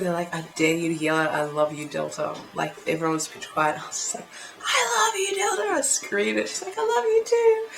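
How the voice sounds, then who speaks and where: A woman's voice: on the low side, creaky. Gushing young woman vlogging. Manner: gushing, excitable fan talk with many fillers. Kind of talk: casual vlog chat. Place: indoors at home. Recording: echoey room, light background hiss.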